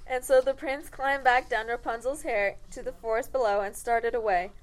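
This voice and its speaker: A woman's voice: on the high side, fairly even intonation, moderate pace, low-quality recording. A woman narrating a comic fairy tale in a wry tone, correcting herself and the cast along the way.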